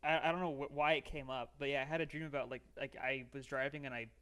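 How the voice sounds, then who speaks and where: A young man co-hosting a podcast, talking in a casual chat, halting and repeating words as he asks questions. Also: mid-range voice, fairly even intonation, fairly bright tone, clear, resonant tone. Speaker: podcast co-host.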